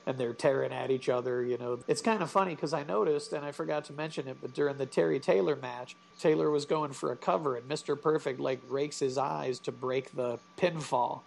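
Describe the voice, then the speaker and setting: A man's voice: mid-range voice, creaky, a little hiss or hum. A man co-hosting a casual chat, joking around and asking questions. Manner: joking, asks questions, quick asides. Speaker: podcast co-host.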